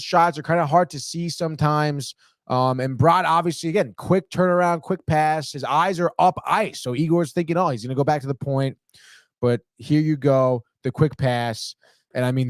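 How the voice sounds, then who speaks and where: A man hosting a sports podcast, breaking down game highlights in an excitable, profane way and saying "dude" constantly. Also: no echo, studio quality.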